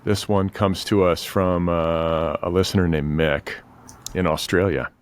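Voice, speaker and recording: A man's voice: low voice, steady tone, a little slow, smooth. A man hosting a podcast, chatting casually with dry, wry humor. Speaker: podcast host.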